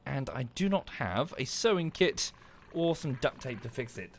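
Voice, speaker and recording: A man's voice: mid-range voice, sing-song, normal speed, a little hiss or hum. Chatty Estuary English man streaming a game. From southern England. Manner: chatty, thanks viewers by name, mutters and swears at the game. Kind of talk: casual livestream commentary while gaming.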